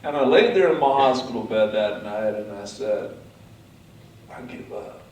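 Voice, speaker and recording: A man giving a motivational speech, telling his story dramatically, swinging from hushed to loud. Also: on the low side, lively intonation, normal speed, distant mic, slight background noise. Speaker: motivational speaker. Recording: echoey hall, mic from afar.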